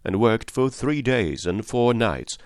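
A man narrating a classic storybook in a calm, measured reading. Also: medium pitch, dry recording, clean studio sound. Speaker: audiobook narrator.

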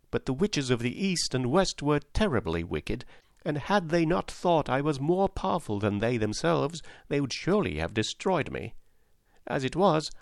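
Casting: a man playing a meek old fraud wizard, gravelly, lively lilt, storybook reading. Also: mid-range voice, dry recording, studio quality. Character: humble old humbug wizard, gentle and apologetic.

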